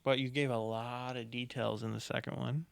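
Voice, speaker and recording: A young man co-hosting a casual podcast chat, joking around and sometimes breaking into high falsetto singing. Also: flat delivery, normal speed, vocal fry, clear, resonant tone, dry recording. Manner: jokey, bursts into high falsetto singing and impressions. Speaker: podcast co-host.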